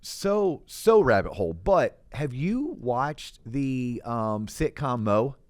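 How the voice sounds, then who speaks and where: A male podcast host from Central Florida talks in a relaxed, encouraging way, with a mid-range voice. He chats casually with a guest and fills in with lots of agreeing remarks. The sound is dry and close to the mic. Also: mid-range voice, slow pace, dry recording. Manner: relaxed, encouraging, many "yeah" backchannels. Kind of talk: casual interview chat.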